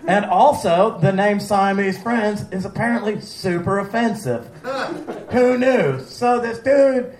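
A man doing a stand-up bit, telling a story in a deadpan, unhurried way. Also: high-pitched, a crowd in the background. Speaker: comedian. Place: comedy club stage. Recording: echoey room.

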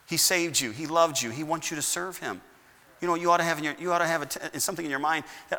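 An American man with a fairly high, sharp-toned voice talks fast. As pastor preaching a sermon in a church sanctuary, he fires off rhetorical questions and climbs into emphatic bursts, with long church hall reverb on the recording.

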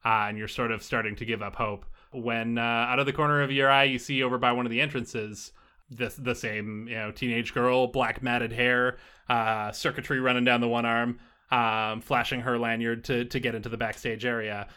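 Casting note: a game master with a bright tone who rambles in a loose, easy way. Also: male voice, medium pitch, level tone, moderate pace, smooth. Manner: loose, rambling, with many fillers. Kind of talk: narrating a tabletop game.

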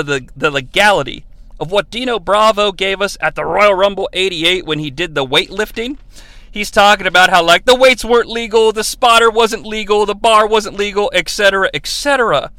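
A man hosting a podcast, giving a sarcastic, profane comedy recap with lots of excitement. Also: high-pitched, no room sound. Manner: excitable, sarcastic, swears freely. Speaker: podcast host. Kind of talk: profane comedic recap of an old wrestling event.

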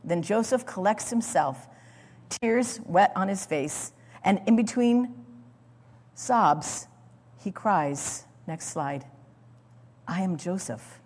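A woman's voice: medium pitch, expressive, slow pace, a little mellow. Woman preaching in a reverberant hall. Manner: dramatic storytelling, repeats words. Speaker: Bible teacher. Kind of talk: sermon.

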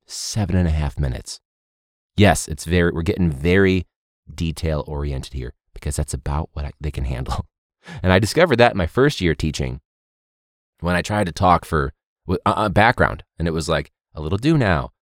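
A young man who is a teacher, hosting a podcast in a casual, animated monologue with quick impressions of students. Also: no echo, studio quality. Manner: animated, mimics students in high voices.

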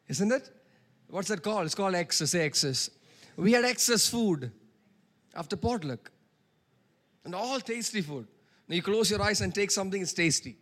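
A man's voice: sits high, a bit bright. A man preaching a sermon, calling for congregation responses and drawing out key words.

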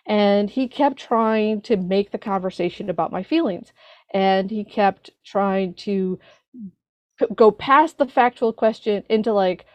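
Woman speaking candidly to a support group, earnest and halting, muffled lo-fi recording. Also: mid-range voice, a little mellow, no echo. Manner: earnest, halting, searching for words. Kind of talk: personal sharing at a meeting.

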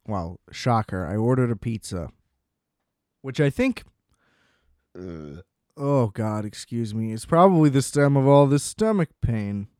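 Smooth-voiced man rambling sardonically. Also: mid-range voice, darkish tone, dry recording, studio quality. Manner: rambling, sardonic, self-deprecating. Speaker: solo storyteller. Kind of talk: casual comedic storytime monologue. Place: small room at home.

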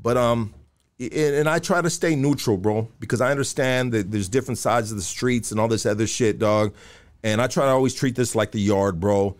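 A man's voice: medium pitch, a little fast. A man hosting a podcast in casual chat, talking streetwise slang and swearing a lot. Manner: streetwise slang, swears a lot, calls people "dog" and "bro". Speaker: podcast host.

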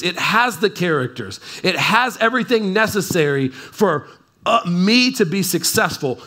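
A man with a high, sharp, bright voice gives a relaxed, conversational sermon. He keeps checking in with his listeners and drops in playful asides. It sounds like a church talk given to a live congregation. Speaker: pastor. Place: church service in front of a congregation.

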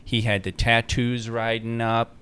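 Male co-host, smooth mid voice, loose anecdotal delivery. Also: mid-range voice, little pitch movement, measured pace, a bit bright. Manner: rambling, quotes others in anecdotes. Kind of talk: casual chat, storytelling.

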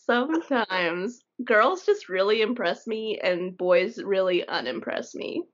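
A woman's voice: medium pitch, lively intonation, a little slow. A young woman co-hosting a podcast, chatting casually and laughing as she tells stories. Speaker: podcast co-host. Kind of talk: casual chat. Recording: dull lo-fi podcast mic.

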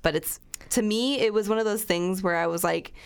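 A woman's voice: medium pitch, moderate pace, gravelly, clear, resonant tone. A woman co-hosting a casual chat podcast, talking through theories with lots of likes and ums. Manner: chatty, hedging with likes and ums. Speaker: podcast co-host. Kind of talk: casual true-crime chat.

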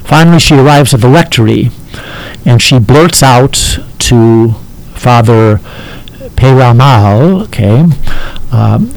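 Slow, halting male teacher. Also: mid-range voice, animated, creaky, a little hiss or hum, low-quality recording. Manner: halting, checks in with "okay?" often. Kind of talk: explaining a text to a listener.

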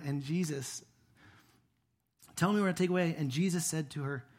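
A man in his thirties preaching a sermon, conversational and animated, building to emphatic peaks. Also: a little high, normal speed, long pauses. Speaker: pastor.

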